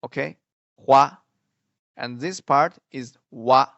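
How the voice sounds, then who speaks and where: Very slow-talking man teaching pinyin. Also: medium pitch, dry recording, lo-fi sound. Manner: repeats syllables loudly, halting explanations with many fillers. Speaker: Mandarin teacher. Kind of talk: slow pinyin pronunciation lesson.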